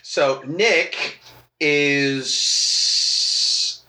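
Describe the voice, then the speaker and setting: A man co-hosting a casual chat show, telling a high school story with plenty of swearing. He acts out each person's lines as he goes. His voice is bright and forceful, a bit higher than most men's, and it rings in an echoey room. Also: extremely slow. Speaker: podcast co-host. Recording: roomy echo.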